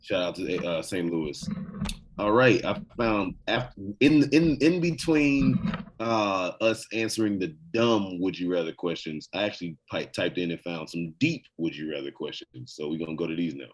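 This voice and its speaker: A man's voice: low-pitched, lively intonation, normal speed, low-quality recording. A man co-hosting a casual podcast, blunt and profane as he reads out questions and answers them. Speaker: podcast co-host.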